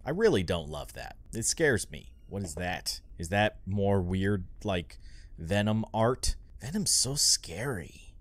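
A man's voice: on the low side, sing-song, slow, a bit bright. A young man hosting a gaming channel, rambling through let's play commentary and getting easily spooked.

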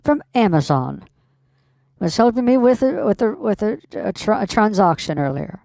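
A woman's voice: mid-range voice, big pitch swings, normal speed, vocal fry, dark tone, no echo. Woman playing a rambling tipsy mom. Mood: breezy. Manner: rambling, unbothered, trailing off. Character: tipsy reckless mother, middle-aged, carefree. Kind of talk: scam-bait role-play on a call.

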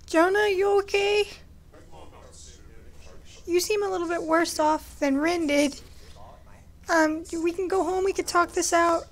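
A woman's voice: extremely high pitch, fairly even intonation, measured pace, long pauses. A young woman hosting a let's play, talking back to the game with frantic apologies and pleas. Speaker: gaming channel host.

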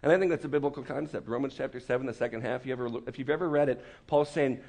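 A man preaching a lively, joking sermon to a student meeting, acting out quick voices as he goes. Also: fairly high pitch, creaky. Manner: animated, joking, acts out voices. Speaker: campus ministry speaker. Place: meeting room with an audience.

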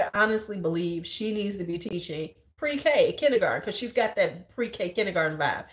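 A woman in her forties with a Chicago accent, a high school teacher telling stories in a blunt, profane and animated casual chat, acting out the people she quotes. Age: 40s.

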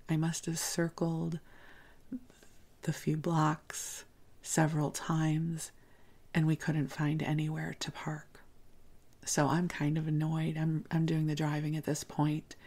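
A woman hosting a bedtime podcast, telling a personal story in a gentle, often whispery voice. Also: sits low, creaky, breathy edge. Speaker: podcast host. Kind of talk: soft-spoken bedtime storytelling.

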